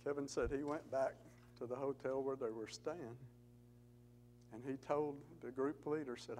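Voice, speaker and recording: A man's voice: mid-range voice, steady tone, moderate pace, darkish tone, low-quality recording. Man, church testimony speaker, earnest storyteller who builds emphasis; mid voice, light hum on the recording.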